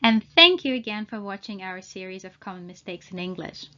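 A woman language trainer giving an English pronunciation lesson, saying each word slowly and spelling out its sounds. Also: mid-range voice, expressive, sharp tone, lo-fi sound. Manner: slow, deliberate, spells out sounds.

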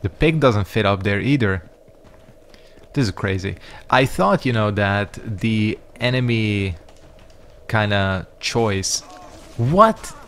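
A man's voice: lowish voice, slow pace, a bit bright. A man giving casual let's-play commentary, rambling and reacting to the game with frequent swearing. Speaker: gaming YouTuber.

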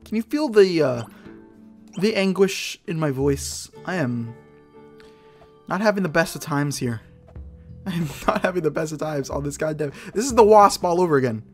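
A young man giving casual let's play commentary, frustrated and swearing as he fights a hard boss, with loud outbursts. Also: fairly high pitch.

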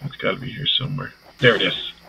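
A man's voice: deep voice, quick pace, creaky, background noise. A man giving let's-play commentary on a horror game, jumpy and swearing, talking to himself as he plays. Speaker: gaming YouTuber.

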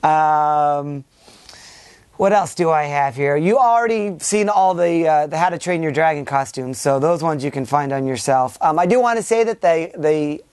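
A man hosting his own channel, giving a casual year-end vlog to his viewers. He rambles and hesitates with lots of filler sounds and restarts, and sounds warm and grateful. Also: on the high side, expressive, moderate pace, clean tone. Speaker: YouTube channel host.

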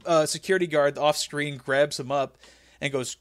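A man co-hosting a casual podcast, telling the story with loose, cursing energy. His voice sits a little high and comes across bright and sharp. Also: a little fast, dry recording. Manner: profane, animated storytelling. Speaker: podcast co-host. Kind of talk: casual chat recapping wrestling.

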